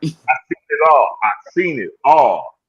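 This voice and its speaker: A man's voice: mid-range voice, very animated, measured pace, slightly rough, highs cut off. A man in his sixties hosting a casual live group chat, telling stories and checking in with "right?" as he goes. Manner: storytelling, keeps checking in with "right?".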